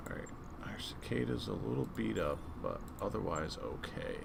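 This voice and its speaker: A man's voice: on the low side, wildly swooping pitch, moderate pace, vocal fry, heavy background noise. A man casually commenting on a strategy game he is playing, rambling and reading game text aloud. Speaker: gaming video creator.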